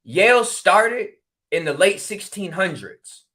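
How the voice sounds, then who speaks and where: A man from Connecticut tells a story in an easygoing, talkative way. He acts out each side of the conversation with sudden exclamations. His voice sits high and sounds bright and forceful. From New Haven, Connecticut. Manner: animated, acts out dialogue with quick exclamations. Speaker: spiritual regression practitioner. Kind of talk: storytelling in casual talk.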